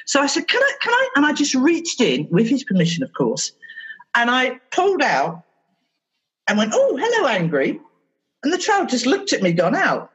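Animated husky-voiced woman therapist. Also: fairly high pitch, normal speed, rough recording. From England. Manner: animated storyteller, acts out exchanges with children. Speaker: therapist guest. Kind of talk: podcast interview.

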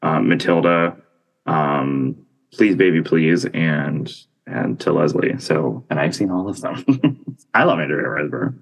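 A man's voice: very deep voice, measured pace, gravelly, rough recording. A man co-hosting a casual podcast, cracking dry jokes. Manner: dry, wisecracking. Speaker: podcast co-host.

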